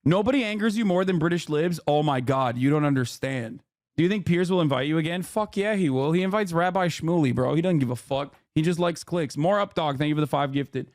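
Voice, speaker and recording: High-voiced profane male streamer, dry sound. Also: brisk, no room sound. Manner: profane, animated and boastful. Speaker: streamer and political commentator. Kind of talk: casual reaction stream.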